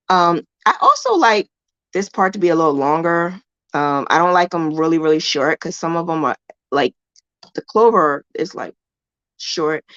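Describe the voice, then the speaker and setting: A woman's voice: fairly low pitch, fairly bright tone, dry recording, lo-fi sound. A woman hosting a casual crochet livestream lesson, chatty, emphatic and self-assured, repeating points for emphasis in colloquial speech. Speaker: crochet teacher and livestream host.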